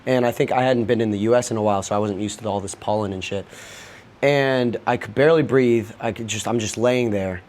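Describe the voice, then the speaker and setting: A man's voice: fairly low pitch, a little fast, darkish tone. A young man on a podcast, candidly telling a personal story in a loose, rambling way, peppered with swearing. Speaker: podcast guest.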